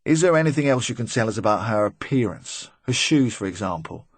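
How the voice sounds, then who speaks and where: A brisk, pressing police interrogator, read by a man, firing off short pointed questions. His voice is fairly low and the recording is dry and close. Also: animated, slightly rough, dry recording. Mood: probing.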